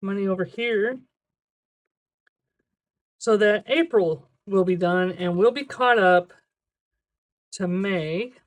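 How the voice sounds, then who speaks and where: Counting money out loud, this budgeting creator keeps up a chatty stream of self-talk in a casual vlog. Their pitch sits in the middle, and their delivery sometimes stretches into a sing-song lilt.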